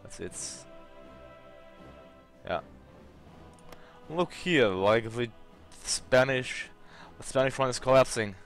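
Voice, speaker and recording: A man's voice: medium pitch, expressive, slow pace, long pauses, faint music behind. A young man commenting on his strategy game as he plays, thinking aloud and swearing when the game bugs out. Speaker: let's play host.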